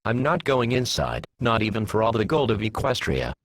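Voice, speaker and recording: A man voicing a prim, dramatic female pony in a story reading, in a low, husky voice. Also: big pitch swings, moderate pace, no echo. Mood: disgusted. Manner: dramatic, complaining.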